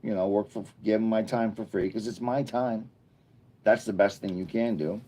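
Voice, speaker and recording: Rambling middle-aged man, fairly low voice. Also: steady tone, moderate pace, dark tone, slight background noise. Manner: rambling storytelling with frequent restarts; earnest, encouraging, motivational. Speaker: livestream host. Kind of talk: casual livestream chat with viewers.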